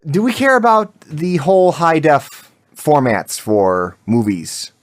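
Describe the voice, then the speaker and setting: A man's voice: fairly high pitch, wildly swooping pitch, slow pace. A man hosting a casual gaming podcast, reading news items aloud and riffing on them with his co-hosts. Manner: reads news items, then riffs. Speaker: podcast host.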